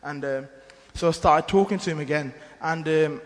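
Male, earnest testimony-teller, loose rambling delivery, a bit high-pitched, echoing church hall. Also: moderate pace. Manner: earnest, rambling storytelling with many restarts. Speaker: mission team member giving testimony. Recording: long hall reverb.

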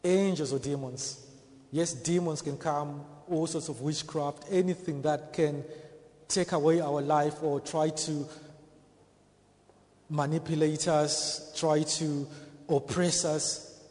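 A man's voice: on the high side, steady tone, slow, darkish tone. Man preaching in a reverberant hall. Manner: preaching with scripture quotes, repeating key phrases. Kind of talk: sermon.

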